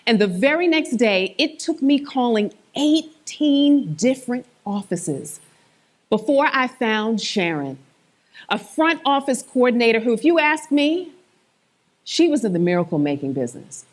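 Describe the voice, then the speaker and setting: Animated, high-voiced woman speaker. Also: unhurried. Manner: animated, emphatic inflection. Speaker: conference speaker. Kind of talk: motivational presentation. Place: conference stage.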